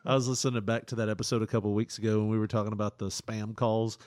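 A man's voice: lowish voice, flat delivery, fast talker, darkish tone, dry recording, clean studio sound. A man co-hosting a casual comedy podcast, joking crudely and laughing often. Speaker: podcast co-host.

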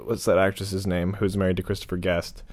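A young man with a lowish voice chats through a casual podcast, winding his way through a story. He hesitates, restarts, and leans on filler words as he thinks aloud. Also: little pitch movement, darkish tone. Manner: rambling, halting, lots of "like" and restarts. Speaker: podcast co-host. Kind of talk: casual chat.

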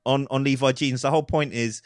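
A middle-aged man riffs in casual comic banter, tripping over repeated words before landing a point and swearing freely. His voice sits at a middling pitch and sounds dry and close. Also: fairly even intonation, a little fast, no room sound.

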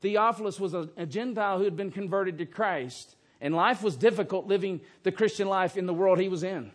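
A man's voice: sits high, fairly quick. A man preaching an expository sermon in a church, emphatic and fond of rhetorical questions. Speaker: pastor. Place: church sanctuary.

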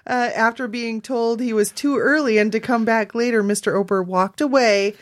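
A woman co-hosting a radio show, reading out a quirky news story and laughing along with the host. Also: fairly high pitch. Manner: giggly, reads in a steady measured way. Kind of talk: reading a story aloud with banter.

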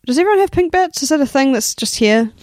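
A woman co-hosting a casual chat, animated and swearing freely as she acts out characters. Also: high voice, fast. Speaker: podcast co-host. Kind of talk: casual chat recapping a comic.

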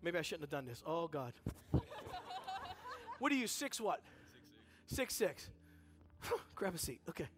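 A man speaking at a church service, telling a story in an animated, conversational way and acting out the people in it. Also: a little high, unhurried, pauses often, noisy background. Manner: energetic and conversational, acts out dialogue in the story. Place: church sanctuary.

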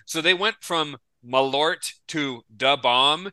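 A man's voice: on the high side, normal speed, sharp tone, clean tone, no room sound, low-quality recording. A man co-hosting a podcast in casual chat, telling long stories with restarts and asides. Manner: rambling storyteller with restarts. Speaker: podcast co-host.

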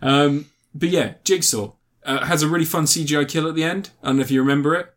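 A man's voice: on the high side, fast, a bit bright. A man in casual film chat on a podcast, rambling, laughing often and swearing. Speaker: podcast co-host.

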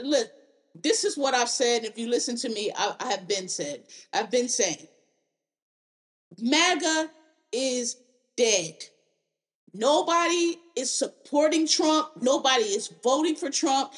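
Brief: woman podcast host with a high voice, fiery and foul-mouthed, restarting her sentences often. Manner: heated, profane, blunt, with lots of restarts. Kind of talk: casual political rant.

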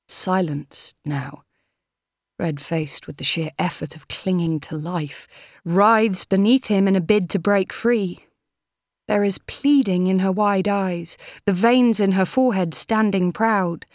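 A woman reading an audiobook in a measured, steady manner. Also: medium pitch, no echo, studio quality. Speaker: audiobook narrator. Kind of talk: audiobook narration.

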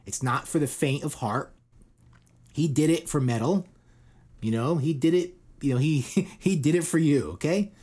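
A middle-aged podcast host with a fairly high pitch and dark tone talks at a normal speed on his casual news chat show. He goes off on irreverent tangents, swears, and fills his speech with "like" and "you know."

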